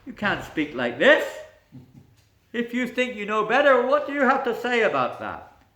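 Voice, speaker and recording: A man's voice: fairly low pitch, sing-song, unhurried. A man voicing an arrogant court priest who indignantly boasts of his rank, recorded in an echoey room.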